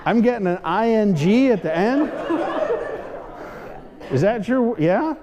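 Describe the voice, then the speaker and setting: A high-pitched man with lively intonation works a live audience as a comedy magician, ribbing volunteers on stage with quick, playful asides. The sound is lo-fi, with hall reverb, faint room noise and a crowd in the background.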